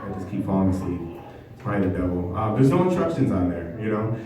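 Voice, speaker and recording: A man doing a stand-up comedy set in a basement venue, talking in a halting, self-deprecating way with many ums. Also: low-pitched, sing-song, mellow. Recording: echoey basement room, mic from far off.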